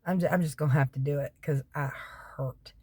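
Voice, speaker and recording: With a low, steady, dark voice that has a breathy edge and moves a little fast, this middle-aged Southern woman from North Carolina chats casually to her viewers about keto. Folksy and prone to tangents, she laughs between remarks and sometimes coughs from allergies, with no room sound.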